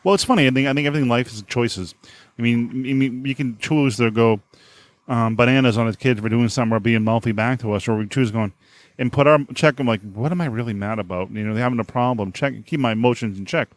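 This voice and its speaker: A man's voice: medium pitch, steady tone, fast, no echo. Dry-sounding man hosting a podcast. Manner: rambling, chuckling, restarts. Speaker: podcast host. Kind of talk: casual interview talk.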